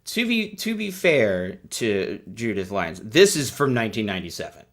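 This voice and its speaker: A man's voice: lowish voice, big pitch swings, normal speed. A man hosting a livestream, giving sarcastic, rambling commentary in a casual chat. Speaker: host.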